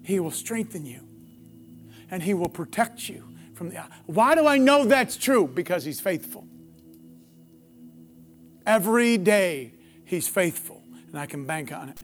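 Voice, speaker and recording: A man preaching a sermon, building passionately to loud, repeated declarations. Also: high-pitched, expressive, unhurried, long pauses. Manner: impassioned, builds to near-shouting peaks; repetitive preaching cadence. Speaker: pastor.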